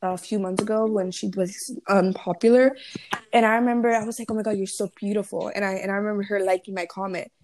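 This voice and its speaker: A woman's voice: medium pitch, fairly even intonation, quick pace, a little mellow, slight background noise. Young girl rambling on a call, likes and restarts everywhere, guest on a chat. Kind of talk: casual chat over a call.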